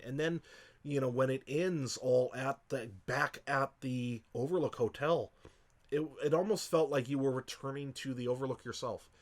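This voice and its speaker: A man talking on a podcast in a loose, rambling way, cursing freely as he gets carried away. His voice sits at an ordinary male pitch, and feeling often breaks into his speech. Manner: passionate, rambling, heavy swearing; emotional, chokes up. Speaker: podcast co-host. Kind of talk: casual podcast movie review.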